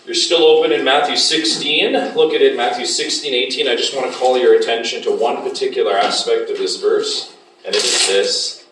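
A man lectures a Bible study class in a classroom, often stopping to ask the group questions. His voice sits at an everyday middle pitch. It is picked up from across a very echoey room, with a faint hiss underneath. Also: fairly even intonation, moderate pace, far from the mic. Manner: asks the class frequent questions. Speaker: Bible teacher.

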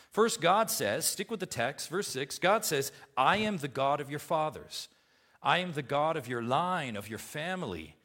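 A man's voice: medium pitch, fairly bright tone. A man preaching an expository sermon, reading scripture aloud and asking his listeners questions, his voice rising and falling in volume. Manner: emphatic, rises and drops in volume, asks the listeners questions. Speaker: pastor.

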